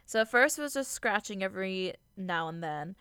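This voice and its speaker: A woman's voice: mid-range voice, expressive, normal speed, sharp tone. A young woman co-hosting a casual podcast, reading out a listener's story in a chatty, playful way and swearing freely. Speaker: podcast co-host. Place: Utah.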